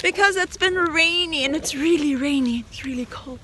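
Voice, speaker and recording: A woman vlogging in an open park outdoors who calls out loudly and laughs often. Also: high voice, moderate pace, hardly any pauses, a little hiss or hum. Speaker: vlogger with a pet parrot. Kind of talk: casual outdoor vlog.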